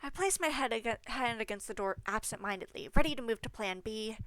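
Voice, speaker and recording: A woman's voice: on the high side, animated, a little fast, a bit bright, dry recording. A woman reading the inner monologue of a cautious young female investigator in a dry, wry tone. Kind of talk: game narration read aloud.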